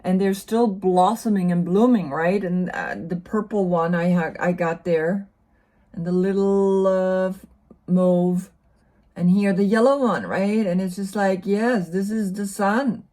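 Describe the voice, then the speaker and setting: German-accented lady doing a tarot reading, talks slow and loose, keeps saying right?. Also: mid-range voice, steady tone, mellow. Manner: rambling, repeats words, often asks "right?". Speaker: tarot reader. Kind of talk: casual spoken tarot reading.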